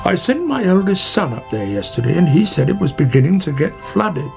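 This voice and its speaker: A man voicing a chatty, worried male otter in a storybook, in close to his own gravelly voice. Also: on the high side, sing-song, a little fast, darkish tone, faint music behind, voice pushed up. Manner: chatty and fretting.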